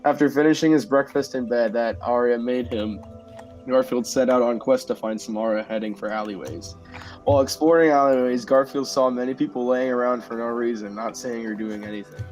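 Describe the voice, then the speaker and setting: A man hosting a podcast, reading comedic fan fiction in a deadpan way with bursts of laughter. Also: medium pitch, brisk, soft background music, rough recording. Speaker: podcast host.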